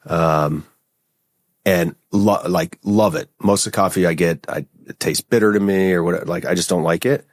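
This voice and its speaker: A man speaking as a podcast guest in a very deep voice, casual and easygoing, often tagging his points with "right?". The sound is dry and close to the mic. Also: steady tone, normal speed, no echo. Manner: casual, frequent "right?" and "like" fillers. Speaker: podcast guest, company founder. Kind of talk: conversational interview.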